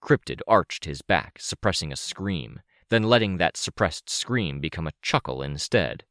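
A man reading first-person fiction aloud as an audiobook narrator, measured and vivid. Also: low-pitched, animated, fairly bright tone, dry recording, clean studio sound.

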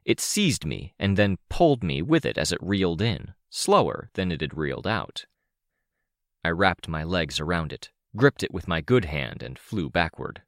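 A man reading first-person fiction aloud as an audiobook narrator, measured and vivid. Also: low-pitched, sing-song, gravelly, dry recording, studio quality.

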